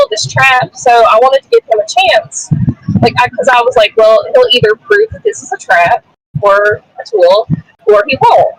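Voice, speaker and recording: A woman's voice: sits high, no room sound. A woman with a Southern accent, a debater chatting casually on a phone call from her car, rambling with fillers. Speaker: debater, panel guest. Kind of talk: casual chat. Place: in a car, driving.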